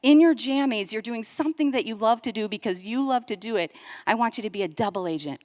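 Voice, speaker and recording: A woman giving an inspirational conference talk, telling a story with lively quoted voices and building to an earnest appeal. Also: a little high, fast. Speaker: conference speaker. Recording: long hall reverb.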